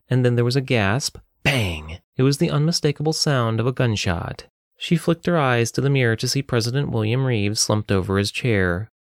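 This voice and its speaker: A man narrating an audiobook story in a steady, even storytelling delivery. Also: on the low side, no echo, clean studio sound. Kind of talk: scripted narration.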